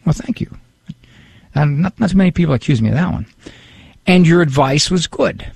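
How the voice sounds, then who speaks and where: A man's voice: medium pitch, expressive, brisk, gravelly, darkish tone, husky, no echo. A man hosting a radio talk show in a studio, chatting casually and reading listener emails aloud with a self-deprecating humor.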